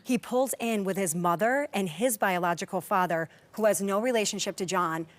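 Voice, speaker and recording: At a moderate pace and medium pitch, a woman from a reality show shares a personal story in a relaxed talk-show setting. Her chat is filler-heavy, with many "like"s, and she performs the quotes she recounts.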